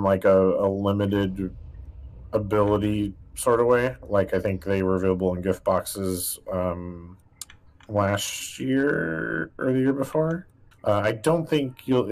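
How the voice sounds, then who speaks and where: A man's voice: lowish voice, a little mellow. A man co-hosting a game livestream, answering chat questions in a loose, rambling way with lots of restarts. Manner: rambling, many fillers and restarts. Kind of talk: casual livestream chat while gaming.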